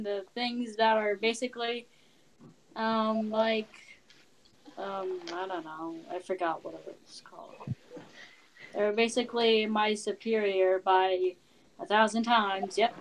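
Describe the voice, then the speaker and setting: A young woman playing a tabletop game, speaking slowly and casually. She hesitates often, restarting her sentences and filling pauses with ums. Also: on the high side, steady tone. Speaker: player.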